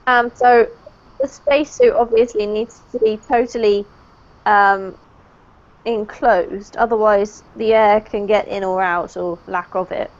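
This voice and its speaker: A British woman teaching English to a small group over a video call, explaining pronunciation patiently and encouraging her students. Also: mid-range voice. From United Kingdom. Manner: encouraging, explains slowly and clearly. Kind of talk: online group lesson. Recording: dull lo-fi online call audio.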